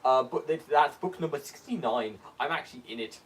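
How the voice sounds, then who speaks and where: A man's voice: a little high, a little fast, pitched above the performer's own voice, lightly acted. Man putting on a boastful giggly young engine. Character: cheeky attention-seeking young engine Theo. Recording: distant mic with faint background noise.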